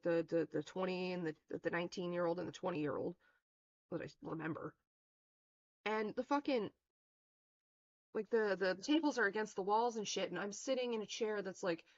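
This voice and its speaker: A woman streamer telling a long story in a casual, rambling way, full of swearing and fillers. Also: medium pitch. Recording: dull lo-fi stream mic.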